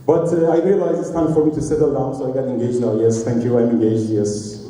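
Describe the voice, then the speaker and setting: A man's voice: medium pitch, little pitch movement, fairly quick, background noise. A man in his forties hosting a company party, telling self-mocking jokes between acts. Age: 40s. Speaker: event emcee. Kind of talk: stand-up comedy hosting. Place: large party hall. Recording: distant, roomy hall recording.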